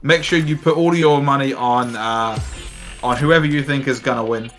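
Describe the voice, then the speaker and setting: A man's voice: medium pitch, fairly even intonation, normal speed, a bit bright, soft background music. An Englishman commentating a live fighting-game tournament, chatty and jokey, reading out schedules and calling the action with sudden exclamations. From England. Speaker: esports commentator.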